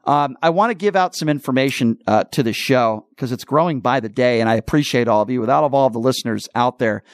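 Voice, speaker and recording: A man's voice: medium pitch, fast, dry recording. A man hosting a talk radio show, delivering an emphatic, opinionated monologue and repeating his points for emphasis.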